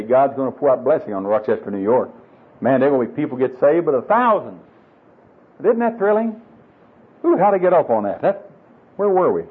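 A man's voice: mid-range voice, breathy edge. An older man preaching a sermon to married men, folksy and humorous, coaxing his listeners along. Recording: tinny lo-fi phone-like sound.

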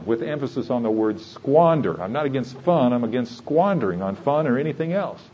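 Husky-voiced male preacher, lo-fi recording. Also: mid-range voice, mellow. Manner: earnest, conversational preaching with rising emphasis. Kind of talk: sermon.

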